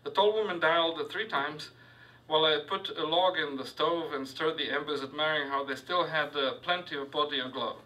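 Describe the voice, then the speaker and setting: A man reads his fiction to an audience, pausing on frequent fillers and breaking off for asides. His voice is bright and a touch high, caught by a mic some distance away in a reading hall. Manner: halting, many filler sounds, asides to the audience.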